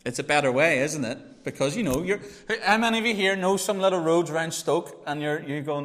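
A man's voice: on the high side, sing-song, moderate pace, fairly bright tone. A man, a pastor leading a prayer and preaching a conversational sermon full of rhetorical questions. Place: church hall. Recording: reverberant church hall.

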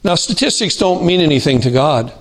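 A man preaching a sermon to his congregation, earnest and deliberate, slowing down to stress key words. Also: fairly high pitch, animated, fairly bright tone. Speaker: pastor.

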